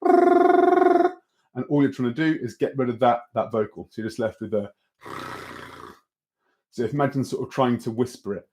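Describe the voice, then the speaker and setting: Young guy running a beatbox lesson online, chill and encouraging, lots of ums, normal pitch. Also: moderate pace, long pauses. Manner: relaxed, encouraging, full of fillers and restarts. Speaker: beatbox teacher.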